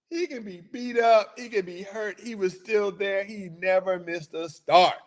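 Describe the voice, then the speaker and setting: Animated, high-voiced sports talk host. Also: male voice. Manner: animated, slangy, rambling and excitable. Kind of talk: casual sports talk livestream.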